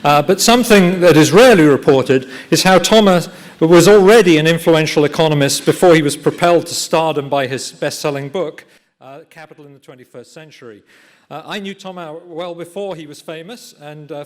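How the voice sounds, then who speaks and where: A man chairing an event in a lecture theatre, giving a formal, measured introduction with frequent "uh" pauses. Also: on the high side.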